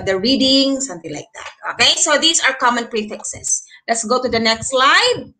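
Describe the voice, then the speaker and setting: A woman's voice: a little high, bright, forceful tone, low-quality recording. A woman with a Filipino accent teaching an online lesson, mixing English and Tagalog and checking in with frequent questions to her learners. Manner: encouraging, checks in with frequent "okay?".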